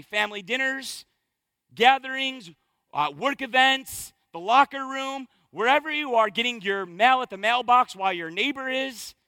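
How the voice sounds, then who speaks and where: A pastor preaches with energetic, emphatic repetition. His voice sits very high and bright for a man, with a forceful edge. The sound is dry and close. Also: no room sound. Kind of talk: sermon.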